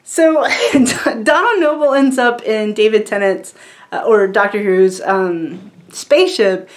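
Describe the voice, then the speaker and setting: Young woman vlogger, higher voice, rambling, giggly, casual delivery. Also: slow pace. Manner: rambling and giggly, many fillers. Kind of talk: casual chat to camera.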